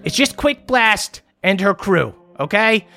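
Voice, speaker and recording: A brash, foul-mouthed woman inventor , put on by a man running a tabletop game rattles off excuses in a high voice. She sounds defensive and frazzled. Her pitch swoops up well above the player's own register. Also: big pitch swings, takes it slowly, creaky, sharp tone, soft background music, exaggerated voice. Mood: flustered. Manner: high-pitched, cursing, flustered rambling. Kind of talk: tabletop role-play character voice.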